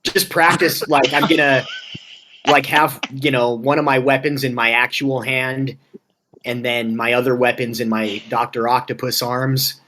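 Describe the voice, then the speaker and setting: A man's voice: medium pitch, fairly even intonation, measured pace, sharp tone, slight background noise, rough recording. A man playing a tabletop game, thinking aloud about his character's plans. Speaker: player. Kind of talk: casual chat at a tabletop game.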